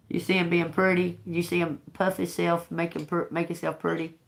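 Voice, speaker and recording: A woman's voice: lowish voice, level tone, moderate pace, gravelly. A woman doing a casual live tarot reading, talking loosely, restarting phrases and swearing now and then. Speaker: tarot reader.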